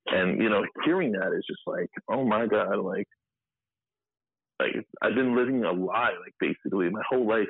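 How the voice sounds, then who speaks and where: A man in his thirties telling his story in a candid interview, halting and full of fillers, acting out the people he quotes. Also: sits low, gravelly, husky, no echo. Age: 30s. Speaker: guest. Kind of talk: candid interview over a phone line. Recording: tinny phone-line audio, dry.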